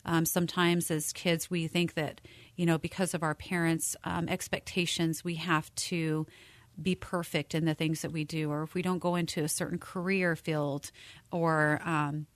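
A woman co-hosting a casual faith-based podcast, speaking in a reflective, thoughtful way with frequent pauses and fillers. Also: low-pitched, level tone, dry recording. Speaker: co-host.

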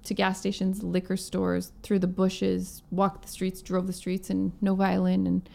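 Woman telling a story, a bit of vocal fry. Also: mid-range voice, measured pace. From Manitoba, Canada. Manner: animated storyteller, acts out quotes in her own voice. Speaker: guest musician, violinist and singer. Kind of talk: storytelling in a casual interview.

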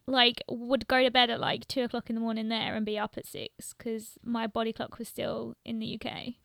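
A woman's voice: a little high, little pitch movement, moderate pace, vocal fry, a bit bright, no echo, clean studio sound. A young woman with a London accent, chatting casually as a guest, laughing often and filling her talk with "like" and "um". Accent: London English. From London, England. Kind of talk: casual chat.

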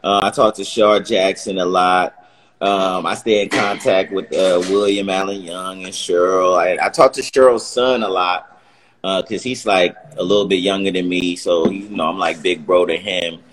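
Male guest, low-ish voice, relaxed slangy storyteller. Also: normal speed, a little hiss or hum, poor audio. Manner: laid-back, slangy, animated retelling of stories. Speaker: guest, former sitcom actor. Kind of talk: casual storytelling.

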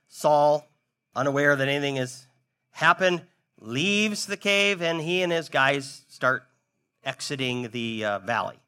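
A man preaching a sermon, retelling a story in an animated way and acting out the quotes. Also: mid-range voice. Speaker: pastor.

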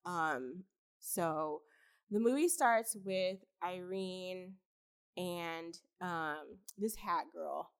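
A young woman co-hosting a podcast chats casually about a film, laughing often, swearing, and filling her talk with fillers. Her voice sits on the low side, with drawn-out words and a clean tone.

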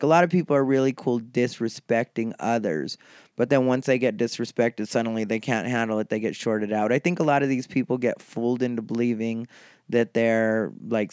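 A middle-aged stand-up comedian talking in a casual, profane and combative monologue. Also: male voice, medium pitch, no room sound, clean studio sound.

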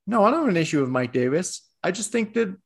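A man's voice: high-pitched, very animated, fast talker, creaky. A man with a Long Island accent in a casual sports chat, laid-back and wry.

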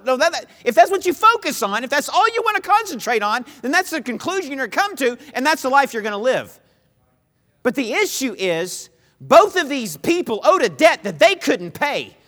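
A male preacher with a high voice delivers a sermon in an emphatic, repetitive way. His pitch rises and falls widely as he shifts from loud appeals to hushed lines. The long reverb of a large hall trails after every phrase. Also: big pitch swings, normal speed.

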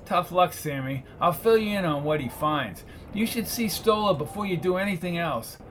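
A blunt, brisk police sergeant, as a male narrator voices him, talking in short, matter-of-fact lines with a lifted pitch. He belongs to a hard-boiled detective audiobook with a faint hiss underneath. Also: animated, a bit bright.

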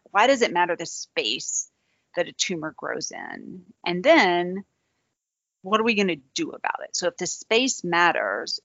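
Southern american lady cohosting a podcast, kinda low voice, excited, lots of "right?", dry dull-ish audio. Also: no echo. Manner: upbeat and enthusiastic, asks rhetorical questions. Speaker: podcast co-host. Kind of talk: casual podcast chat.

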